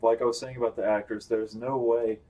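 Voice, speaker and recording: A young man chatting casually on a movie review podcast, animated, acting out lines he quotes. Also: mid-range voice, a little fast, rough recording. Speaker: podcast host.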